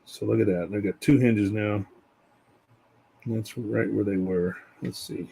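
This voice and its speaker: A man casually talking through a scale model build as he works, relaxed and rambling. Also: fairly low pitch, measured pace, creaky, husky, poor audio. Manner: relaxed, rambling, tells stories while working.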